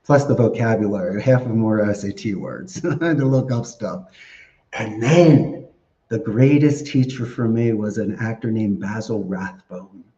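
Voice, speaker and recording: Podcast guest: low-voiced man, chatty storyteller, roomy dull lo-fi sound. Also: normal speed. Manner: chatty, laughs often, animated storytelling. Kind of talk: casual interview answers.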